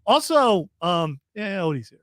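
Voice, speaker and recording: High-voiced rambling male radio host. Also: sing-song, unhurried. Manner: rambling, repeats words, self-deprecating. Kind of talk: casual radio chat.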